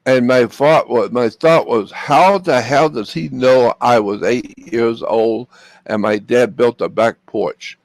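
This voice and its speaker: Older man from Florida, gravel in the voice, dry close sound, earnest storyteller. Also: medium pitch, slow, no room sound. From Florida, USA. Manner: earnest, repeats phrases for emphasis. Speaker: interview guest. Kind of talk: personal storytelling.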